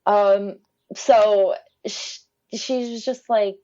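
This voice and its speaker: A young woman telling a story in casual conversation, animated and acting out the voices of the people in it. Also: medium pitch, very slow, lo-fi sound. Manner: animated, acts out quoted voices, laughs often. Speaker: guest telling her birth story.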